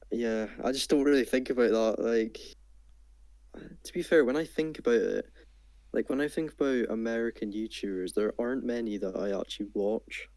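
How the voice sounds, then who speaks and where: A young Scottish man, calm and well-spoken, chatting as a podcast guest. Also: no room sound. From Scotland. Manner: deep, calm, well-spoken, laid-back. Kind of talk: casual podcast chat.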